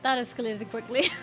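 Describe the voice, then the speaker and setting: Streamer, woman, fairly high voice, playful casual commentary over faint game music. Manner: chatty, playful, reads game text aloud.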